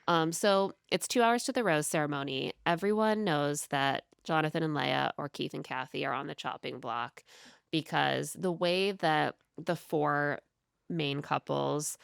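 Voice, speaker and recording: Low gravelly-voiced woman podcaster. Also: no echo, studio quality. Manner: chatty, recaps scenes with many "like"s. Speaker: podcast co-host. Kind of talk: casual recap chat. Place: home.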